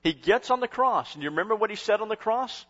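A man's voice: high-pitched, animated, fast talker, fairly bright tone, dull audio. A male pastor preaching a sermon in a conversational way, with frequent restarts, swelling and dropping in intensity. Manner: conversational, rising and falling in intensity with short restarts.

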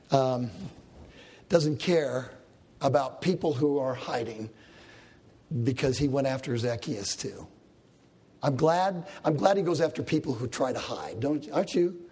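A man preaching a sermon as a pastor, telling Bible stories with animated delivery and acting out the characters' lines. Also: medium pitch, takes it slowly, pauses often, slightly rough.

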